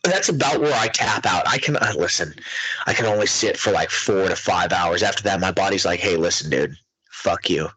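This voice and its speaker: A man's voice: sits low, a little fast, pushed and bright, slightly rough, dry recording, poor audio. A man hosting a podcast, talking in a crude, mocking, profane casual chat. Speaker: podcast host.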